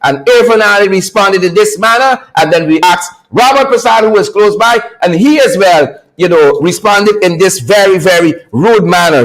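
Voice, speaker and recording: A man hosting a political commentary livestream, sarcastic and animated, often laughing and repeating phrases for emphasis. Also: high voice, moderate pace, hardly any pauses, poor audio. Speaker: host.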